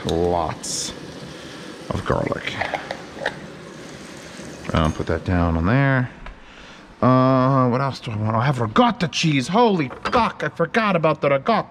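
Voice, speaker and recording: A man's voice: medium pitch, very animated, moderate pace, fairly bright tone, a little hiss or hum. A man hosting a casual cooking vlog from his home kitchen, rambling and joking with plenty of swearing as he works. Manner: joking, profane, rambling commentary. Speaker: home cook host.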